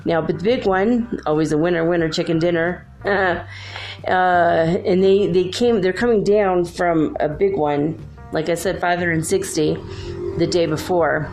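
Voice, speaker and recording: Bubbly woman chatting alone in her room, low gravelly voice, lots of "like", faint music. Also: unhurried, a little mellow. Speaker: spiritual channel host. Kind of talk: casual solo talk.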